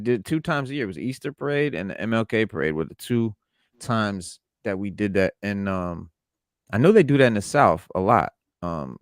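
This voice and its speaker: Laid-back low-voiced man telling stories. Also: no echo, clean studio sound. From New York. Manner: laid-back slangy storytelling. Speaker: podcast co-host. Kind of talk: casual chat.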